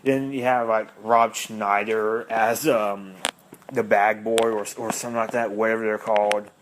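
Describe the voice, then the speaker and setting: A man with a fairly low voice hosts a podcast and talks through a film plot casually. He rambles and hesitates, circling back when he is unsure of the details. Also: little pitch movement, normal speed, background noise. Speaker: podcast host.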